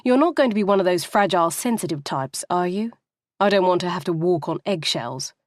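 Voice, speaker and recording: A woman's voice: on the low side, lively intonation, brisk, no echo, studio quality, natural voice. A woman reading the part of a controlling young male lawyer with an explosive temper, curt and swearing. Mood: dismissive. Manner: curt, then yelling and swearing, then dismissive.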